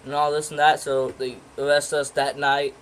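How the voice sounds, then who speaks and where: A man's voice: a little high, flat delivery, normal speed, slight background noise, rough recording. A teenage guy casually telling a story in a rambling, profane way, full of fillers and restarts. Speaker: vlogger.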